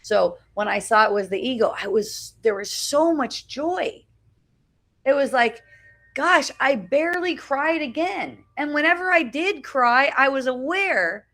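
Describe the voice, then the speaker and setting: A middle-aged woman with a slightly high voice, sharing spiritual teachings in a loose, chatty way. She keeps checking in with "right?", circles back on her phrases and lets the odd swear word slip. She is recorded outdoors on a phone for a live video. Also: animated, unhurried, a bit bright. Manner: conversational, frequent "right?" and restarts, casual swearing. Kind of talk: informal spiritual talk to a small group. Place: outdoors at a beach.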